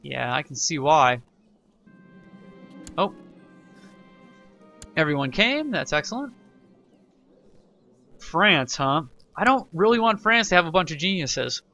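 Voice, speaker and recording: A man's voice: fairly high pitch, big pitch swings, takes it slowly, long pauses, bright, forceful tone, highs cut off, soft background music. A man hosting a casual let's play tutorial, rambling and self-correcting as he reads the game's event text aloud. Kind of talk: casual gameplay tutorial commentary.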